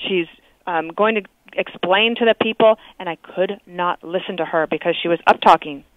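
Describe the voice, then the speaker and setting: A woman talking as a guest in a phone interview, brisk and chatty, heard over a telephone line. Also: lowish voice, no echo. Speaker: guest, TV news anchor. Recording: dry tinny phone line.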